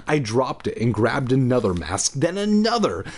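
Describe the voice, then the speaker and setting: A man's voice: medium pitch, very animated, normal speed, a little mellow. A man hosting a podcast, reading a spooky children's book aloud with irreverent, profane comic asides.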